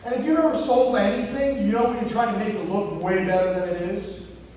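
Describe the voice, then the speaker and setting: A man giving a keynote speech to students, telling animated stories and acting out the voices of the people in them. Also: sits high, fairly quick, slight background noise. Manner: animated storytelling, acts out quoted voices. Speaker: motivational speaker. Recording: echoey hall recording from far off.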